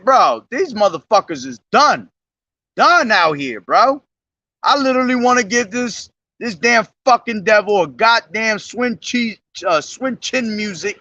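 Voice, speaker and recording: A young man preaching outdoors at a bus station, slowly declaiming scripture, then talking in slangy, profane street speech into a camera he holds himself. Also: high-pitched, bright, forceful tone, no room sound, dull audio. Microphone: self-held camera.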